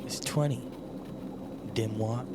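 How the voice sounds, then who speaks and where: A man's voice: medium pitch, steady tone, slow pace, darkish tone. Teasing man in tabletop banter, noisy line. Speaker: player. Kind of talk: casual tabletop role-play.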